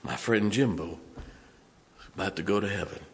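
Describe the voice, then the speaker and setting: A man preaching a sermon as pastor, telling stories from the pulpit and breaking into song and shouts. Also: lowish voice, normal speed, in a large hall. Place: church sanctuary.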